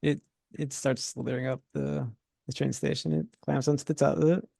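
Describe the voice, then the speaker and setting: A man runs a tabletop horror game as its game master, his voice heavily gravelly and mellow. He narrates in a relaxed way, chuckling between descriptions. The sound is dry and close. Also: mid-range voice, moderate pace, no room sound.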